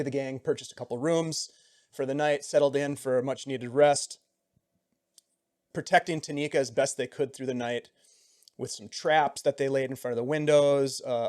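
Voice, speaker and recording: A man acting as game master, recapping and narrating a tabletop game in a relaxed way, often trailing off softly. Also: mid-range voice, dry recording, studio quality. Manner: relaxed, with frequent ums and trailing soft phrases.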